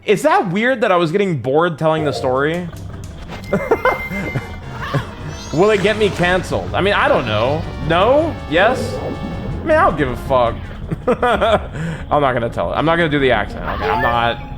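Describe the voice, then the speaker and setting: A man's voice: on the high side, big pitch swings, a little slow, pauses often, music in the background. A young man chatting casually on a live game stream, rambling and swearing, calling his viewers bro. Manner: rambling, profane, says bro a lot.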